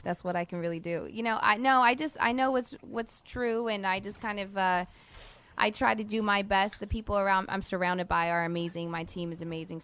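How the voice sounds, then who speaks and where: A woman's voice: fairly low pitch, fairly bright tone, clean tone. A woman guesting on a talk radio show, answering hesitantly with many fillers. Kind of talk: casual interview talk.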